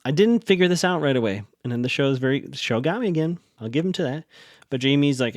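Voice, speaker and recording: A man's voice: medium pitch, lively intonation, fast talker, dry recording, clean studio sound. A man hosting a podcast, recapping a TV episode in a chatty, rambling way and often correcting himself. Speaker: podcast host.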